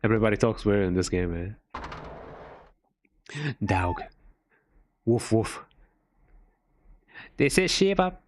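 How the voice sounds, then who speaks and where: Playful male streamer, lively pitch. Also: slow, long pauses. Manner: jokey, reads game lines aloud in playful voices, says "eh" a lot. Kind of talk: casual game commentary with voiced dialogue.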